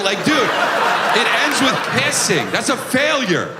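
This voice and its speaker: Ranting stand-up comedian, high lively voice. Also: male voice, slow pace, over a noisy crowd, very noisy. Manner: loud, animated ranting with swearing. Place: comedy club stage.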